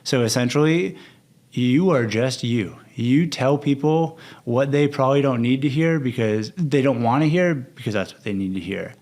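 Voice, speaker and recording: A man's voice: medium pitch, normal speed, a little mellow. Candid young man telling stories. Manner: candid, storytelling, acts out quotes. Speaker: podcast guest, coach. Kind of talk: casual interview talk.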